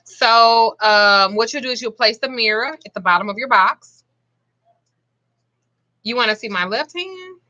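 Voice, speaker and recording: A woman's voice: fairly high pitch, animated, a little slow, long pauses, bright, forceful tone, lo-fi sound. A woman in her forties with a Southern US accent, chatting casually and bluntly at home about a simple ritual. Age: 40s. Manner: chatty, blunt, swears freely. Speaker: spiritual practitioner. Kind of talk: casual vlog chat.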